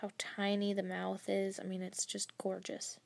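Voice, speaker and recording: A young woman vlogger gushing and rambling excitedly as she unboxes gifts. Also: mid-range voice, a little slow, creaky. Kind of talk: casual unboxing chat.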